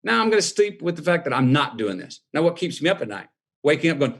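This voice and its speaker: Man, husky voice, unhurried storyteller, interview guest. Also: on the high side. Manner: drawling, relaxed storyteller with laughs.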